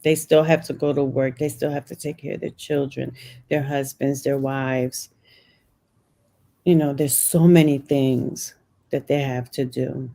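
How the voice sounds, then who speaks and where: A woman's voice: very deep voice, fairly even intonation, measured pace, vocal fry, warm tone. A middle-aged woman, a podcast guest, earnestly telling a personal story and repeating phrases for emphasis.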